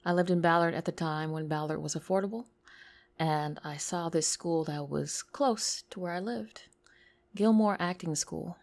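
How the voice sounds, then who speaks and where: A woman with a lisp telling a personal story, intimate and tearful, slipping into whispers and bursting louder. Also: on the low side, normal speed, creaky.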